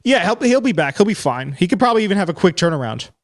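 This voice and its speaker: A man hosts a casual live commentary stream, his slightly high voice swinging widely in pitch. He chats loosely and thinks out loud to his viewers. His voice is hoarse and wearing thin. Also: sing-song, quick pace. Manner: chatty, talks to himself while reacting.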